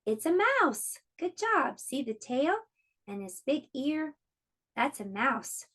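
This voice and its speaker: A woman teaching an online preschool lesson, speaking slowly and encouragingly to small children. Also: high voice, expressive, fairly bright tone. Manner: slow, encouraging, clearly explaining to small children.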